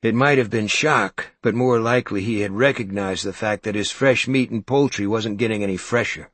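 Deep-ish guy reading a story, slow and suspenseful, dry close sound. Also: a bit bright, no echo. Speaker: audiobook narrator. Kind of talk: scripted narration.

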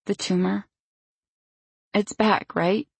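A woman's voice: medium pitch, fairly even intonation, takes it slowly, vocal fry, breathy edge, no room sound, voice pushed up, heavily acted. A woman narrator voicing an anxious, frightened young woman who speaks in a worried, pleading way. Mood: fearful hushed.

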